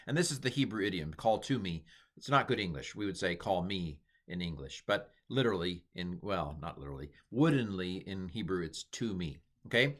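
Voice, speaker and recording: Man, middle-aged, lowish voice, chatty Hebrew lesson, playful asides. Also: expressive, normal speed, a bit bright. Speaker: teacher. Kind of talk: casual Bible Hebrew lesson.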